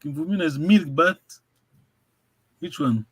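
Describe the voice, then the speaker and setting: A man's voice: fairly high pitch, measured pace, a bit bright, slightly rough, poor audio. A man teaching a language over a video call, encouraging and repetitive, often laughing. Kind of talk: online language lesson.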